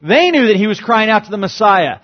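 A pastor explains a scripture passage verse by verse in a sing-song voice, speaking a little fast on a lo-fi recording. He delivers it dynamically, acting out quoted cries with abrupt pitch jumps.

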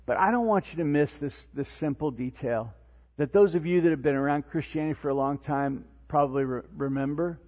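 A husky-voiced man preaching from a pulpit, his voice pitched a little high and pushing hard on the big moments before falling quiet. The sound is dull and lo-fi, with a long reverb trailing through a large church hall. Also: fairly quick. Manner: animated preaching, rising to near-shouts then dropping low and soft. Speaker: pastor. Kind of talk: sermon.

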